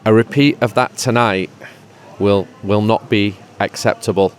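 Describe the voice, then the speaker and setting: A man's voice: lowish voice, fairly even intonation, measured pace, a little hiss or hum. A man as a regular pundit in casual podcast chat, joking and rambling before turning rousing. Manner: jokey, rambling, then rousing.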